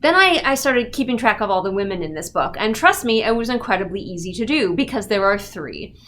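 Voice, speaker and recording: A woman's voice: mid-range voice, sing-song, a little fast, a bit bright. A woman giving a casual, sarcastic and exasperated book review rant.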